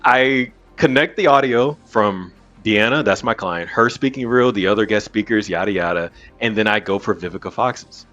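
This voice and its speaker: A man hosting a podcast, telling a story in an animated, casual way and swearing freely. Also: on the low side, moderate pace, few pauses. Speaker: podcast host. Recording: muffled with faint music.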